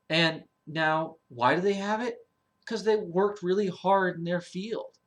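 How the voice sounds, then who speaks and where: A man's voice: high-pitched, a little slow. A man giving a casual ranting monologue as a vlogger. He talks bluntly, swears, and rambles with fillers and restarts.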